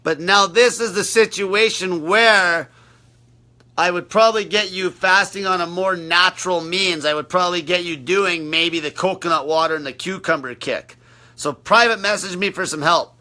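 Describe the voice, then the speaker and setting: A man's voice: high-pitched, moderate pace, bright, forceful tone. A man coaching on a livestream, answering viewer questions in a brash, blunt, profane way.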